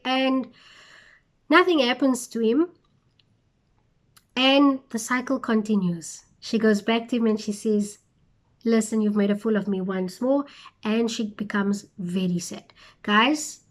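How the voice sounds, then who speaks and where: A young woman retelling a Bible story for her channel, with chatty, incredulous asides. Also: a little high.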